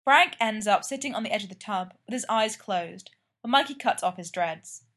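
A woman narrating fan fiction aloud in a plain, even way. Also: mid-range voice, moderate pace. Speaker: reader.

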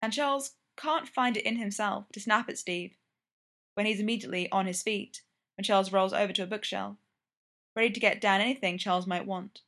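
A woman reading a story aloud in a steady, even narrating voice. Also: medium pitch, brisk. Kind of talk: reading fan fiction aloud.

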